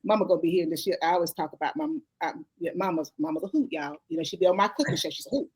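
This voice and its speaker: A woman's voice: lowish voice, racing, a little mellow, breathy edge. A middle-aged woman, a life coach and author, talking as an interview guest in a folksy, heartfelt way that turns to religious testimony. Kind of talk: emotional conversational interview.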